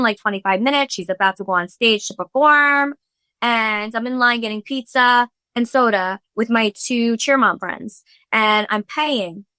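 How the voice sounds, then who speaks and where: Bright-voiced woman telling a frantic story. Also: fairly high pitch, dry recording. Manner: breathless, swearing, fillers, re-enacting quotes. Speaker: podcast host. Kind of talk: casual storytelling chat.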